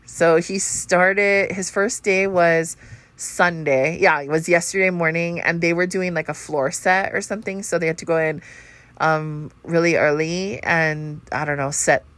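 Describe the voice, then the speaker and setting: A woman's voice: lowish voice, fairly even intonation, a little slow, fairly bright tone. A woman, congested and short of breath, rambling through a casual astrology chat and swearing freely. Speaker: podcast host.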